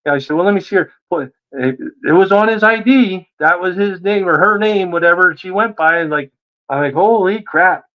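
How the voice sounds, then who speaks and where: A man telling a story in a casual interview, animated and acting out the voices of the people he quotes. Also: high voice, normal speed, highs cut off. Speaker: guest.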